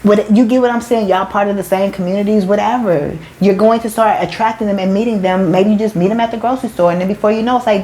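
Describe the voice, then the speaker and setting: A woman's voice: medium pitch, fast, hardly any pauses, mellow, slight background noise, poor audio. Fiery, profane woman preaching motivation. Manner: emphatic and preachy, swears freely, calls listeners "baby"; casual slangy talk with many restarts. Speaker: motivational speaker and spiritual life coach. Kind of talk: motivational monologue to her followers.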